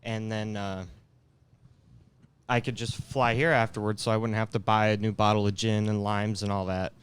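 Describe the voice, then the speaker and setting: A man's voice: lowish voice, level tone, normal speed, clean tone. A young man co-hosting a podcast, telling rambling stories in casual chat and swearing freely. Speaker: podcast co-host.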